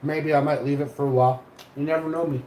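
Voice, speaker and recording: A man casually telling stories on a live stream, rambling and swearing, and getting loud when he is excited. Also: a little high, fast talker. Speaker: vlogger. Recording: echoey room, faint ambient noise.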